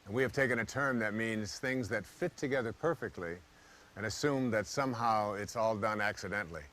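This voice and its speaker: A man's voice: on the low side, a little fast. A man giving a motivational talk, telling stories and acting out the thoughts of the people in them. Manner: storytelling, acting out quoted thoughts in lively voices. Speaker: motivational speaker.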